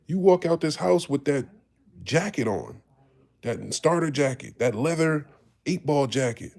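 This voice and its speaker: A man's voice: a little high, lively intonation, unhurried, vocal fry, darkish tone. A man, telling his life story in casual talk, candid and profane, acting out the voices of people he quotes. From Harlem, New York. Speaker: podcast host.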